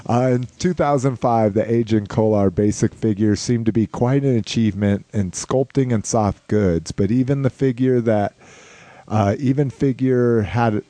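A man's voice: medium pitch, moderate pace, mellow, no room sound. A man hosting a casual podcast, reading listener questions aloud and chuckling often in an easygoing way. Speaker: podcast host.

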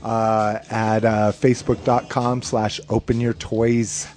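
A man's voice: on the low side, flat delivery, slow, a little mellow. A man co-hosting a casual podcast, joking and laughing often as he reads out contact details. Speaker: podcast co-host.

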